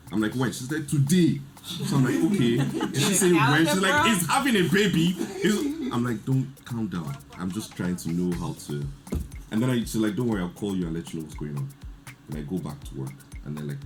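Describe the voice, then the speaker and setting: A man, telling a lively story in casual chat and acting out the quotes. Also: deep voice, brisk, over music. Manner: animated storyteller, laughs often, acts out quotes. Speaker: podcast guest.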